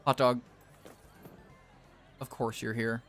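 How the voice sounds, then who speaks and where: A man's voice: mid-range voice, little pitch movement, slow pace, a bit bright, faint music behind. A man playing a game and commenting as he goes, theatrical and exasperated as he scolds the characters. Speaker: gaming video creator.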